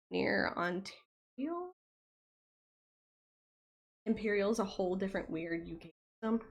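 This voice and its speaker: A young American woman with a soft Southern accent, chatting casually with her stream viewers. She rambles and often pauses on fillers. Her voice sits at an ordinary mid pitch. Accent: light Southern US. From United States. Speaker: livestreamer.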